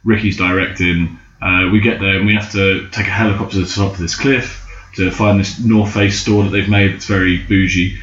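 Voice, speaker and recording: Appearing as a guest in a chat, a young man tells a long, rambling anecdote full of swearing. His low voice holds a steady tone and moves briskly with a fairly bright quality. The recording sounds roomy and slightly dull, with a little hiss or hum.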